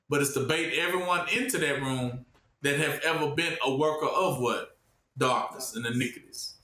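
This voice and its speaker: High, bright-voiced man preaching. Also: echoey room. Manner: asks the audience to fill in the word with "what?". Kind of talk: informal preaching.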